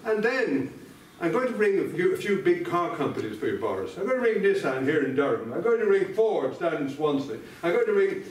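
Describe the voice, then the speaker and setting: A man's voice: high voice, big pitch swings, a little fast, recorded from a distance, slight background noise. Older man debating in an echoey hall. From Ireland. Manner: sardonic, addresses opponent directly by name. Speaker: debate speaker. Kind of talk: formal debate speech. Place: large debating chamber indoors.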